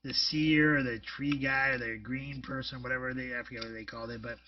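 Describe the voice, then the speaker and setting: A man's voice: mid-range voice, steady tone, fairly quick, distant mic, muffled recording. Rambling man co-hosting, a bit off-mic. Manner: rambling, filler-heavy, joking and blunt. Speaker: podcast co-host. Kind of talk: casual chat.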